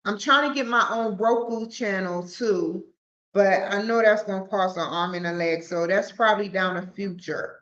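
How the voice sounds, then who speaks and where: A woman's voice: mid-range voice, moderate pace, fairly bright tone. A woman hosting her own podcast in a casual, rambling solo talk, often restarting her sentences. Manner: rambling, with frequent restarts and stumbles. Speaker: podcast host. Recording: roomy, dull lo-fi sound.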